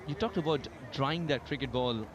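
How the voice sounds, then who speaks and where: A man calling live cricket play-by-play, lively and lifting his voice on big moments. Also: mid-range voice, normal speed, muffled recording, noisy background. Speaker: cricket commentator. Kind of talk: live sports commentary.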